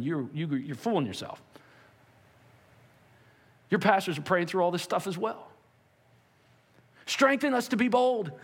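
Male pastor, sermon, high voice, animated delivery, long church-hall reverb. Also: husky. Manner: animated preaching that swings between loud urging and quiet emphasis. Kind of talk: sermon and prayer.

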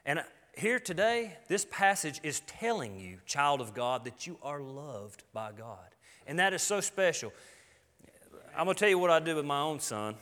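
A man's voice: on the high side, big pitch swings, moderate pace, a bit bright. A middle-aged man, preaching a sermon in an earnest, folksy, emphatic way. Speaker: pastor. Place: church sanctuary. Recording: long hall reverb.

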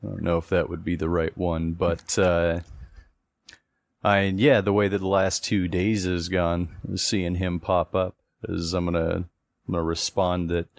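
Deep voiced guy playing a tabletop game, umms a lot, dry close mic. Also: level tone, measured pace, creaky, dry recording. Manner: hesitant, many fillers and restarts. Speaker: player.

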